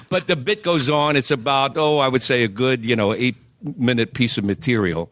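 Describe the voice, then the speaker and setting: A man's voice: mid-range voice, normal speed, hardly any pauses, fairly bright tone, no echo. An older man from South Philadelphia telling showbiz stories in a casual interview, rambling with many fillers and restarts. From South Philadelphia, USA. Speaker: guest entertainer.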